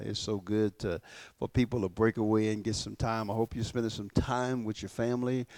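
A male pastor preaching a sermon to his church, emphatic and slowing down to stress key words, often repeating and restarting. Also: lowish voice, creaky, a little mellow, no room sound.

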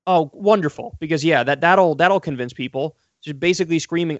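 A male political talk host, sarcastic and profane as he tears into his targets. His voice sits a bit high for a man. The audio is dry and slightly muffled, with no room around it. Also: brisk, hardly any pauses, no room sound. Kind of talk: political commentary talk show.

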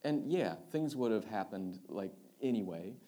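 Animated young male youth pastor. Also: fairly low pitch, normal speed. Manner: animated storyteller, swings loud and excited then quiet and earnest. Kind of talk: sermon with personal story.

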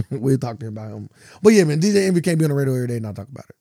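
A man's voice: medium pitch, very animated, racing, creaky, mellow, dry recording, studio quality. A man co-hosting a podcast in casual chat, arguing his point insistently and often laughing. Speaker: podcast co-host. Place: podcast studio.

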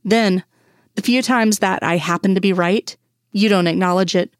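A woman voicing an exasperated grown woman, a sharp FBI doctor, in a fan story reading. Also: medium pitch, normal speed, no room sound, studio quality, close to an everyday voice. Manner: exasperated, pleading.

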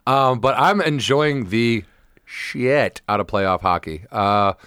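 A man co-hosting a casual podcast, rambling excitedly about sports and now and then bursting into loud impressions. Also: mid-range voice, slow pace, clear, resonant tone, dry recording, clean studio sound. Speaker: podcast co-host. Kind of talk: casual chat.

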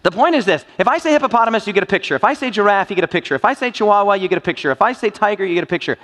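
Preaching in a church hall, this man jokes around and tests his audience with playful questions. His voice is high-pitched and fairly bright, with lively intonation and a very fast delivery. The large hall adds a long reverb to the recording.

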